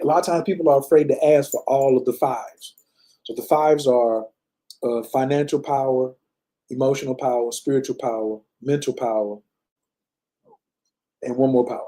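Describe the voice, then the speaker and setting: Man in his fifties, mellow dark voice, casual storytelling, loose and rambling, lots of fillers. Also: mid-range voice, rough recording. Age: 50s. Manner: loose, conversational, many fillers and "you know". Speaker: personal storyteller. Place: lives in Bali.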